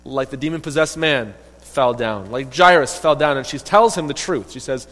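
A man preaching a sermon, retelling a story in a lively, emphatic way and voicing the quoted characters. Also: medium pitch, moderate pace, hardly any pauses. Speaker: pastor. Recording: long reverb of a hall.

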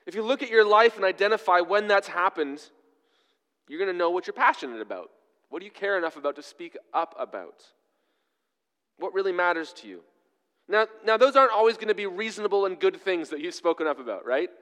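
A man delivers a sermon in a loose, conversational way, full of ums and friendly asides. His voice sits slightly high and comes through smooth and resonant. A long reverb hangs behind him, as in a large church hall. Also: expressive, fairly quick, a bit bright. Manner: conversational, self-deprecating storytelling with fillers. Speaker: pastor.

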